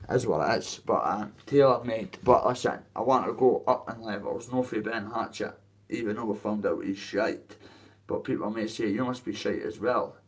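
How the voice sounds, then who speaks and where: A boxer from Dundee, Scotland, speaks in a casual rant to camera about his boxing, coarse and rambling with plenty of swearing. His Dundee accent carries a lowish voice at a moderate pace, captured on a distant mic.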